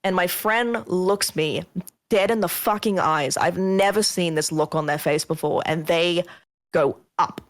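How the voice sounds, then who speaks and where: A woman telling a ghost story on a casual podcast, animated and swearing often, acting out what people said. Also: on the low side, measured pace. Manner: animated, swearing, acts out quotes. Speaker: guest.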